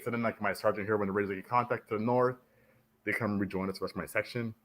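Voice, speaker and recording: Man, deep voice, from Canada, military veteran, animated storyteller, podcast guest. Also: fast talker. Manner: animated, acts out the voices of others in his stories. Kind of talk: casual storytelling in a podcast interview.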